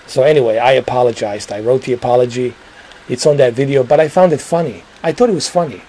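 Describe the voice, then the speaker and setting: A man's voice: medium pitch, fast, warm tone, a little hiss or hum, rough recording. A man hosting a livestream, chatting casually and rambling to his viewers, swearing now and then. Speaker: livestream host.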